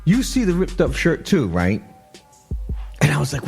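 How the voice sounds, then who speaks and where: A male radio host talks through viral clips in a loose, chatty manner, laughing often and circling back on his words. His pitch swings widely as he reacts. Soft music plays low behind him. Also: moderate pace, gravelly. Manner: animated, laughing, repeats himself. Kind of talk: casual commentary on clips.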